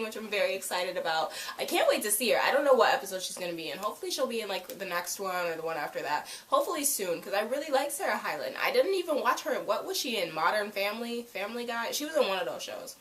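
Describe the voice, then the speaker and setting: Young woman, casual show review, animated, slangy, loud bursts and hushed asides, mid-pitched voice. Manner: frequent "like" fillers, slangy. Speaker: TV episode reviewer.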